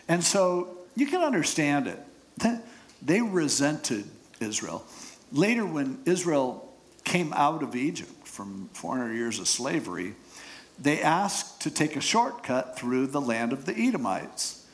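A man's voice: on the high side, sing-song, a little slow. A man preaching, retelling scripture with casual humor and jokes. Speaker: pastor. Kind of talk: sermon.

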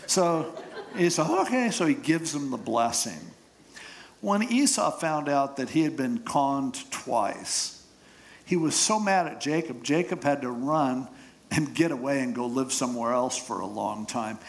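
Animated man telling a funny sermon story. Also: medium pitch, measured pace, vocal fry. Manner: humorous, casual storytelling. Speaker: pastor.

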